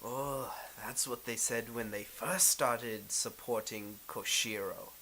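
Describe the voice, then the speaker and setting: A man's voice: mid-range voice, steady tone, slow pace, bright, forceful tone, slight background noise, rough recording. A man voicing a stern, suspicious woman carrying a sword, questioning strangers coolly.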